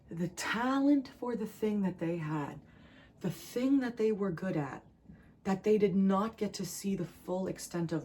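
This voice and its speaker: Earnest low-voiced woman tarot reader. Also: warm tone, rough recording. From New Jersey. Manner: earnest, emotional, rambling with restarts. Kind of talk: spiritual channeling reading.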